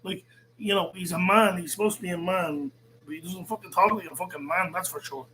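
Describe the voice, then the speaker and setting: A man's voice: high-pitched, brisk, bright, forceful tone, a little hiss or hum, low-quality recording. A man hosting a show, ranting profanely and sarcastically as he reacts to a rival's video. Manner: combative, sarcastic, swears a lot. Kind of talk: profane heated rant.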